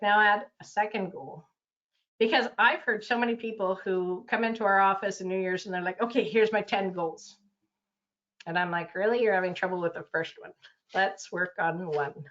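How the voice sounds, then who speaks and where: A woman's voice: mid-range voice, a bit bright, dull audio. A woman coach, talking casually on a video call and acting out quotes, with lots of fillers. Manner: chatty, loose, full of fillers, acts out quotes. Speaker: consultant and coach. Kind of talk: casual webinar talk.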